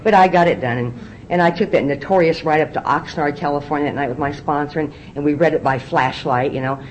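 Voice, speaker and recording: A woman's voice: low voice, quick pace, a little hiss or hum, poor audio. A middle-aged woman speaking from a podium at a recovery meeting, telling her story candidly and often repeating words as she restarts. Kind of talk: personal testimony talk.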